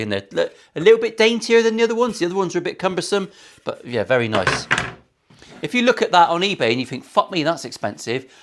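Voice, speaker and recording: A man's voice: mid-range voice, background noise. A man building a guitar in his workshop, talking casually to camera with cheeky banter, plenty of swearing and jokey asides. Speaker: luthier.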